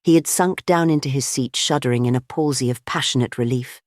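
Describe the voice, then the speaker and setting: A male audiobook narrator with a middle-pitched voice and a measured, expressive delivery. The recording is dry and close, with no room sound. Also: dry recording. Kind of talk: scripted narration.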